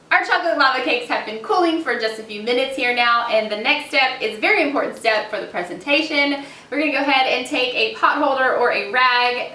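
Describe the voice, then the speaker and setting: A woman hosts a casual cooking demonstration in a kitchen, upbeat, giggly and chatty, her voice a little high, bright and forceful. The room echoes and the mic sits at a distance.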